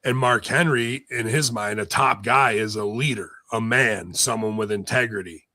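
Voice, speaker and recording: A man's voice: lowish voice, moderate pace, bright, forceful tone, no echo. A man co-hosting a podcast, talking in blunt, profane, rambling casual commentary. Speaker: podcast co-host.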